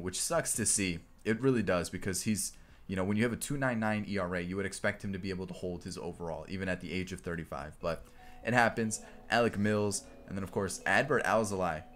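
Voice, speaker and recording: A young man with a somewhat low voice talks through a video game in a loose, chatty way, full of "like" and "um". Soft guitar music plays faintly underneath. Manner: relaxed and chatty, with fillers like "like" and "um". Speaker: gaming YouTuber. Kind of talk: casual video game commentary.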